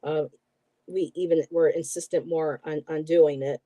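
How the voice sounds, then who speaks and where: Middle-aged host from around buffalo, dark mellow voice, rambly heartfelt chatting, dry close mic. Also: mid-range voice, fairly even intonation, measured pace, no room sound. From Buffalo, New York area. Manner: rambling, emotional storytelling with many fillers. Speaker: host, tarot reader. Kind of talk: casual chat.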